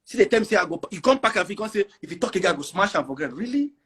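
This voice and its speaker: A man's voice: sits high, big pitch swings, very fast, a bit bright, husky. A middle-aged Nigerian man with a Nigerian accent, talking casually as an interview guest, boastful and emphatic, mixing in pidgin. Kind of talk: casual chat.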